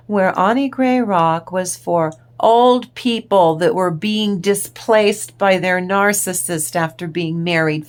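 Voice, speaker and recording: A woman hosting her own tarot channel, talking to viewers in a rambling, chatty way that drifts off topic. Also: mid-range voice. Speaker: tarot reader and channel host. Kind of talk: casual spiritual talk to viewers.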